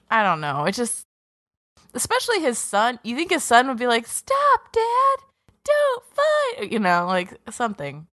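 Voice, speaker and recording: A woman's voice: fairly high pitch, sing-song, normal speed, fairly bright tone, dry recording, studio quality. A woman co-hosting an anime podcast, recapping episodes in a sarcastic, swearing, casual way and acting out characters' lines. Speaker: podcast co-host.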